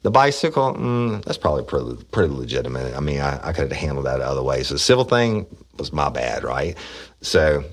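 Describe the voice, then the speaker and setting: On a relaxed true-crime podcast, this middle-aged ex-cop rambles through profane stories and belts out the quotes, his extremely low voice sing-song and slightly quick.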